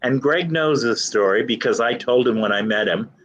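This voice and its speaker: A man's voice: mid-range voice, moderate pace, a bit bright, muffled recording. A man guest telling a heartfelt personal story in casual conversation. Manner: earnest, heartfelt.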